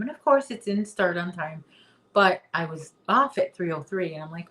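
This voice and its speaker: A woman's voice: fairly low pitch, normal speed, fairly bright tone. A woman hosting a casual livestream chat from her home, chatty and reading viewer comments aloud. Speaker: livestream host.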